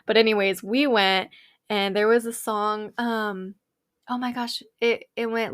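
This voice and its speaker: A young woman, hosting a podcast and telling stories in a bubbly, animated way with lots of quoted dialogue. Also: a little high, unhurried. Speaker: podcast host. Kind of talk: casual storytelling.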